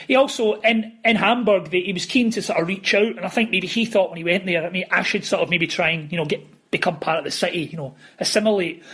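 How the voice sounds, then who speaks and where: A man speaks as a podcast guest, quick and fairly high-pitched, piling up restarts and asides as he tells stories. His voice carries a husky edge. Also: fairly bright tone. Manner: rambling, with many restarts and "you know". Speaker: author guest. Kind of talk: casual podcast interview, storytelling.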